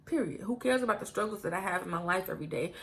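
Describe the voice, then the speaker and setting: A young American woman vlogging in a casual Q&A. Her voice has a gravelly, creaky edge. She talks bluntly and candidly, swearing freely as she goes. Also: medium pitch, very fast, a bit bright. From United States. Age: young adult. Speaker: YouTuber. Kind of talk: casual get-to-know-me Q&A.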